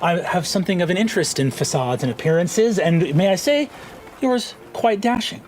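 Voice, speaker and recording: A man's voice: high voice, animated, moderate pace, a little mellow, slight background noise. A man voicing a showy young gnome street illusionist who hypes a crowd with carnival-barker patter. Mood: hyping.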